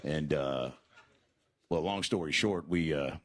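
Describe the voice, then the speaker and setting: Very deep-voiced man telling stand-up jokes. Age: 50s. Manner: slow, halting delivery with many "uh"s. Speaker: stand-up comedian. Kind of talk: deadpan stand-up set and interview. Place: comedy club stage.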